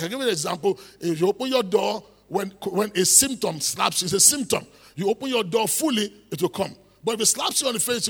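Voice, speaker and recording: A man's voice: high-pitched, gravelly, a bit bright, breathy edge, big-room sound. A man preaching a sermon, emphatic, repeating phrases and building into exhortation.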